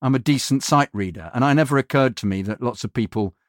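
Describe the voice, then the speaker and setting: A man, a voiceover actor, telling animated anecdotes in a casual interview. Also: mid-range voice, fast talker, dry recording, clean studio sound. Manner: animated storyteller, mimics other voices in quotes. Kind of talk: anecdotal chat.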